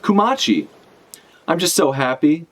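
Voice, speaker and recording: A man reading aloud a comic and voicing a dying young woman with a soft, affectionate manner, raised above his own voice. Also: on the high side, big pitch swings, unhurried, voice pushed up. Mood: loving.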